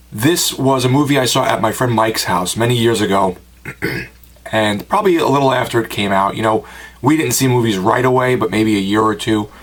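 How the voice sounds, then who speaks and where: An American man giving a casual, rambling home-video review with personal asides. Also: on the low side. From United States. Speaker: film reviewer and collector.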